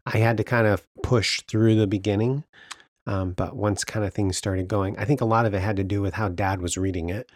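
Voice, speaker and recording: A man with a low voice who co-hosts a casual book podcast. He talks in a measured, hesitant way. The recording is close and dry. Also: fairly even intonation, dry recording. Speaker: podcast co-host. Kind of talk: casual chat.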